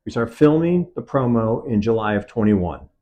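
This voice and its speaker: A man's voice: mid-range voice, big pitch swings, normal speed, mellow. A man, a film producer, talking in an on-set interview and acting out quoted dialogue as he tells his story. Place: event set.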